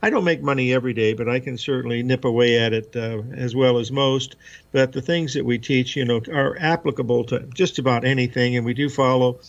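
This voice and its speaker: A man's voice: mid-range voice, fairly quick. A man speaking as a trading guest on a radio show, easygoing and full of fillers. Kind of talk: radio interview. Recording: dull lo-fi line.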